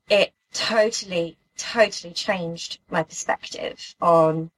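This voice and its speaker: A young woman from the UK telling a personal story in an earnest, halting way, with many restarts. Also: mid-range voice, steady tone, a bit bright, low-quality recording. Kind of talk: emotional personal account.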